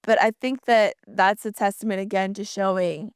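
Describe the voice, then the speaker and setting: Smooth-voiced woman podcast host. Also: mid-range voice, steady tone, normal speed, dry recording, studio quality. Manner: upbeat, playful questioning. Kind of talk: casual podcast interview.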